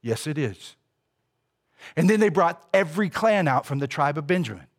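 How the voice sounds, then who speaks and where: A man preaching a sermon as a pastor, casual and animated, with slang. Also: fairly high pitch, quick pace.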